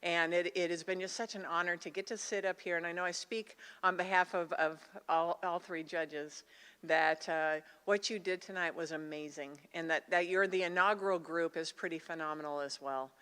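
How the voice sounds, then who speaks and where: An older woman speaks to students at an awards night, earnest and close to tears. Her voice sits low, and a long hall reverb trails after her words in the college auditorium. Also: steady tone, moderate pace, sharp tone, clean tone. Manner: emotional, tearful, earnest. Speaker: Secretary of State, competition judge. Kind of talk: speech to students at an awards ceremony.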